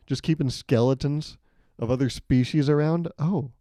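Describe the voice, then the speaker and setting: A young man hosting his own podcast, riffing in an animated, profane way, recorded close on a mic. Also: normal speed, dry recording. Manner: animated, profane, riffing with jumps to high pitch. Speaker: podcast host. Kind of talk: solo comedic podcast monologue.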